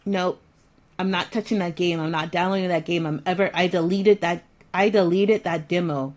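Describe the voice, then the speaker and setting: A woman's voice: fairly low pitch, steady tone, moderate pace, darkish tone, low-quality recording. A woman streamer chatting casually with her viewers, repeating herself and sounding mildly exasperated as she fiddles with her audio settings. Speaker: live streamer.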